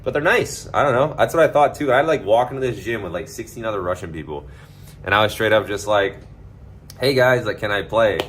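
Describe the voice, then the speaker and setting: A man with a very low voice rambles through a casual livestream chat, loose and profane, full of likes and you knows. A faint hum of noise sits under his voice. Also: fast, fairly bright tone.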